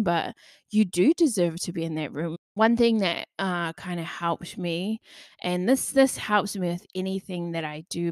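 A woman's voice: lowish voice, darkish tone, no echo, studio quality. A young woman talking candidly in a loose, chatty way, full of fillers and the odd swear word. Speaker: podcaster. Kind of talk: candid personal monologue.

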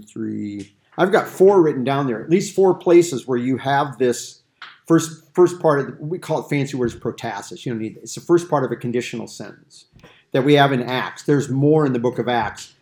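A man's voice: mid-range voice, darkish tone. A man leading a Bible study discussion, explaining Greek grammar with everyday examples. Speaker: Bible teacher.

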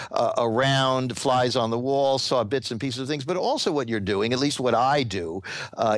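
A man, an author and guest on a podcast, answering questions at length in a halting way with many fillers and restarts. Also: medium pitch, dry recording.

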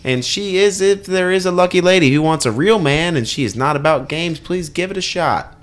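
A man co-hosting a casual comedy podcast. His delivery is dry and deadpan, and he tosses off jokes offhandedly. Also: a little high, moderate pace. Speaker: podcast co-host.

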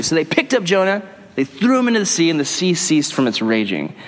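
A young adult man, a youth pastor, reading scripture aloud and teaching a group in an energetic, joking, slangy way. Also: fairly high pitch, fast. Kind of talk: casual Bible teaching to a group. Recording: long echo of a large hall.

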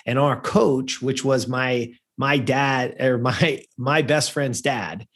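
This is a man in his fifties with a husky, slightly breathy voice at a mid-range pitch. He tells a personal story as a podcast guest. He talks earnestly, circles back and restarts his phrases, and keeps checking in with "right?". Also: fairly even intonation, slow, a bit bright. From Lancaster, California. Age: 50s. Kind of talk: conversational storytelling.

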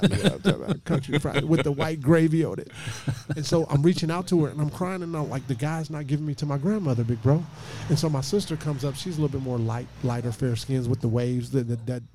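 A man in his late thirties, a pastor, telling a lively personal story with jokes and acted-out quotes. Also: mid-range voice, creaky, slight background noise. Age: late 30s. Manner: lively, joking, acts out quoted voices.

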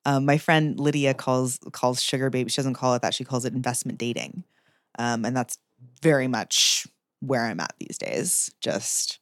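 A woman's voice: very deep voice, no room sound, clean studio sound. A woman in her thirties, a podcast guest, talking casually in an interview, often laughing and restarting her sentences. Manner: chatty, laughing, many fillers and restarts.

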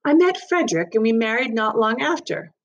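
A woman's voice: on the high side, sing-song, fairly quick, highs cut off, pitched above the performer's own voice. Careful, hesitant German-born wife in a storybook, voiced by a woman reader.

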